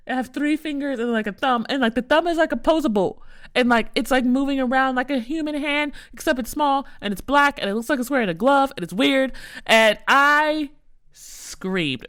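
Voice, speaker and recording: A woman's voice: on the high side, a bit bright, no echo, clean studio sound. A young woman hosting a podcast, telling a story in a casual, rambling way full of "like" fillers. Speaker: podcast host.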